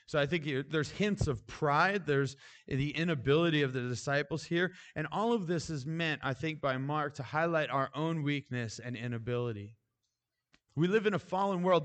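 A man's voice: fairly high pitch, fairly bright tone. A man preaching a sermon in a conversational, informal manner, with casual asides and frequent restarts. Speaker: pastor.

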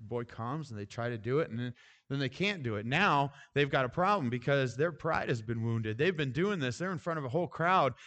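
A man's voice: mid-range voice, animated, a little fast, a bit bright. Man preaching in a casual, conversational way. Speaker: pastor. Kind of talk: sermon.

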